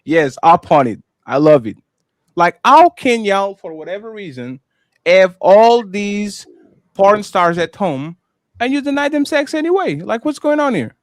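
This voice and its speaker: Lively playful man hosting a stream. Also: sits high, a little slow, no echo, studio quality. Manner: playful, lively, apologetic teasing. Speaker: host. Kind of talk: casual live-stream talk show.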